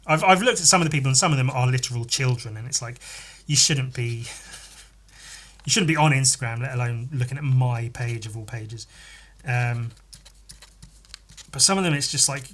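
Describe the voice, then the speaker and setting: A man's voice: medium pitch, normal speed, fairly bright tone. Swearing man chatting while drawing. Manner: rambling, swears freely, mutters while working. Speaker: podcast host and artist. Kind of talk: casual chat while drawing.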